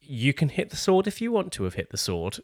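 A playful game master man reading out dice and damage, laughing between calls. His pitch rises and falls a great deal. The room sounds dry and close. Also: huge pitch swings, brisk, no room sound. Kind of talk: running a tabletop game.

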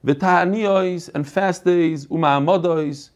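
Man, Talmud teacher, lively, slightly high voice, video call mic. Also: slow. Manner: animated, questioning the class. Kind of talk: online Talmud class. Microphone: computer mic on a video call.

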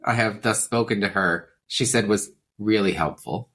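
A woman's voice: rumbling low, moderate pace, fairly bright tone. A woman co-hosting a podcast in casual chat, eagerly chiming in with her own asides. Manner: eager, chimes in with interjections. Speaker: podcast co-host.

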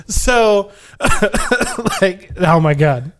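A man's voice: high voice, lively intonation, extremely slow, clean tone. A man hosting a podcast, telling a long story in a rambling, laughing, profane way. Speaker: podcast host. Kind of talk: casual storytelling chat.

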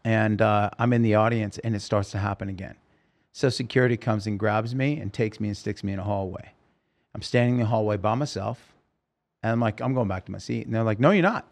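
A man's voice: lowish voice, steady tone, brisk. A man telling his life story as a podcast guest, acting out the voices of people he quotes. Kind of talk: storytelling interview. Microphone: podcast microphone.

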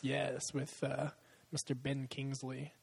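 A man's voice: medium pitch, completely flat delivery, slow pace, gravelly, in a large hall, a little hiss or hum. Profane, rambling man chatting about movies. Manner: profane, rambling, laughs often. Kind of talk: casual chat about movies.

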